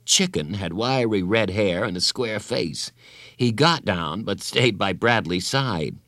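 Give me an expressive male storyteller for a children's book, lively and animated, with a very dry sound that keeps him close to the listener. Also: lowish voice, unhurried, dry recording. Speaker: narrator. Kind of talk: reading a children's story aloud.

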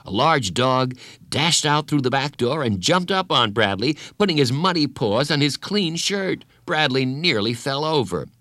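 Give me an expressive male storyteller for a children's book, lively and animated, with a very dry sound that keeps him close to the listener. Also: medium pitch, measured pace, no room sound. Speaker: narrator. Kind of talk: reading a children's story aloud.

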